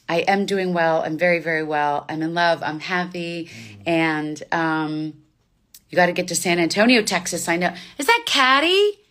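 A woman voice actor and coach chatting warmly to fans on a live stream from a studio, gushing with thanks and goodbyes. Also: on the low side. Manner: gushing, affectionate sign-off chatter. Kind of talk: casual live stream chat.

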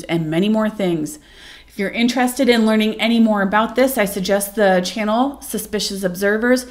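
Woman reading an ancient myth aloud. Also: medium pitch. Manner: measured, solemn reading; casual, musing commentary. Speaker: channel host. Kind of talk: reading an ancient text aloud, then commentary.

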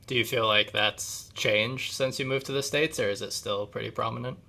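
A man hosting a podcast, asking questions in a measured way. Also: medium pitch, fairly even intonation, creaky, sharp tone. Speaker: podcast host. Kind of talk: interviewing.

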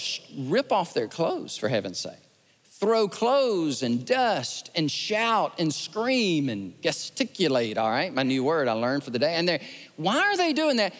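A man delivers a sermon, his voice pitched high and leaping all over as he acts out his stories. The sound carries a long reverb from a large church hall. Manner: animated storytelling, acts out scenes with rising excitement. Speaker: pastor.

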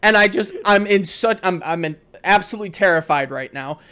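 A young man with a fairly high voice tells a story to friends on a podcast. He is animated and swears a lot, and he acts out what other people said as he goes. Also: fairly quick, clear, resonant tone. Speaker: podcast host. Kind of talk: casual storytelling among friends.

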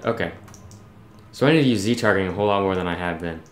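A man's voice: deep voice, racing, reverberant. Chatty man narrating his gameplay. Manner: reads on-screen text aloud, chatty asides. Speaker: gaming YouTuber. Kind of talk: casual let's-play commentary.

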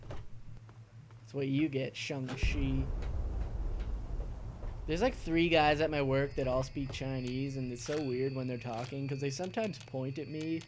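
A young man giving goofy, rambling let's-play commentary, cracking jokes and sometimes breaking into squeaky outbursts. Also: steady tone, normal speed, a little mellow. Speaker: gameplay commentator. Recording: noisy home recording.

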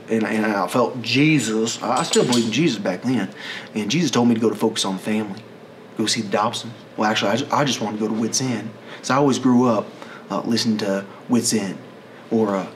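A man's voice: lowish voice, slight background noise. A man talking in a casual, rambling, profane monologue, often correcting himself mid-sentence.

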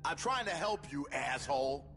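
A man voicing a surly laborer in a video game who shouts hostile retorts. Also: on the high side, lively intonation, moderate pace, music in the background, natural voice.

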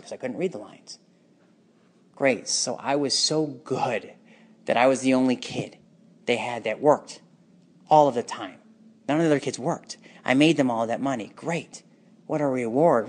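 With a mid-range voice, a man pours out a bitter, anguished monologue about his personal life. His delivery is raw and emotional, shifting between quiet hush and intensity.

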